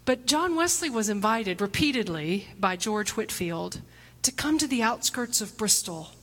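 A woman pastor delivering a reflective sermon, posing questions to the congregation and sometimes dropping to a hushed near-whisper. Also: medium pitch, lively intonation, moderate pace. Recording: long hall reverb.

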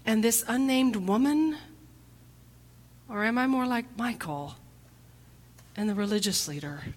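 Woman pastor giving a sermon, asks lots of questions, goes quiet and hushed sometimes, big echoey hall. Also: on the high side. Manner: reflective preaching with rhetorical questions, dropping to hushed asides. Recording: long hall reverb.

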